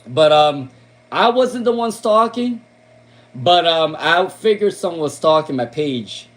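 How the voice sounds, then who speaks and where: Chatty tarot reader, man, higher voice. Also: animated, measured pace, a bit bright. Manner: chatty, rambling, filler-heavy. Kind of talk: casual livestream chat.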